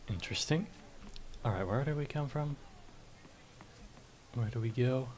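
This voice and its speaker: A streamer casually commenting on a story game, with a slow, chuckling delivery and joking asides. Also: medium pitch, mellow, slight background noise.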